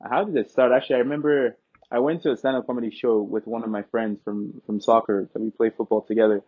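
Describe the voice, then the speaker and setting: A young man from Nigeria, telling stories as an interview guest in a relaxed, joking way. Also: mid-range voice, quick pace. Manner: relaxed, joking, breaks into quoted dialogue. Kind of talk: casual interview storytelling. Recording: tinny phone-like line.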